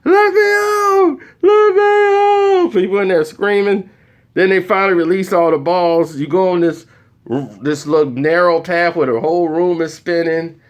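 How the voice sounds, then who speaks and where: A man telling a comedic story in an animated way, acting out the voices of the people in it. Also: on the high side, moderate pace.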